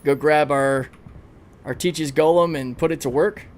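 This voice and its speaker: A man livestreaming a video game, giving excitable, casual commentary, swearing freely and talking to his chat. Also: fairly high pitch, unhurried. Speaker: gaming livestreamer.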